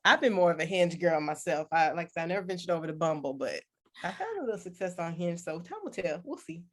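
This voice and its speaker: A woman hosting a podcast, talking in a relaxed, measured way. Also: fairly low pitch. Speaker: podcast host. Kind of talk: casual podcast chat.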